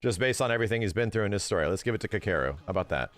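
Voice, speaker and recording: Give me a man in his thirties streaming live, opinionated and rambling, with a very animated voice. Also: fairly low pitch, racing, faint music behind. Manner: rambling, opinionated, swears casually. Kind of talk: casual live-stream chat.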